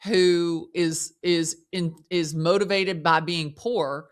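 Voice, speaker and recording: Lower voiced woman host, slow and searching, asks questions. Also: steady tone. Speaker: podcast host. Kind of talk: casual interview chat.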